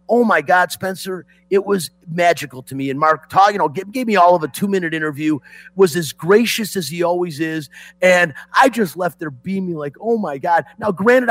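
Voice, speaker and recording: A middle-aged man from Detroit hosting sports talk, telling a story in an excitable, emotional way. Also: high-pitched, no room sound. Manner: excitable, emotional, swings loud and soft. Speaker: sports radio host.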